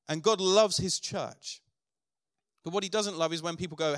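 A man's voice: sits high, moderate pace, a bit bright, no echo, clean studio sound. A middle-aged man preaching a sermon as pastor, earnest, building to emphatic declarations.

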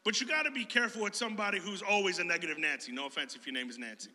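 Bright-voiced joking preacher in a hall. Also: male voice, sits high, racing. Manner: animated, conversational, jokey storyteller. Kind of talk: sermon.

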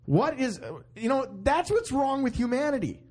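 A man's voice: very high-pitched, moderate pace. A man hosting a podcast in casual banter, telling stories with jokes. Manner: joking, animated storyteller. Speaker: podcast host.

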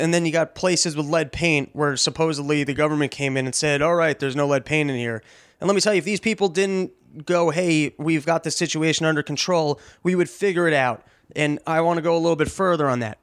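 A man hosting a podcast who rants in a comedic, profane way. He swears often and stammers through quick restarts. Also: a little high, a bit bright, no room sound, clean studio sound. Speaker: podcast host.

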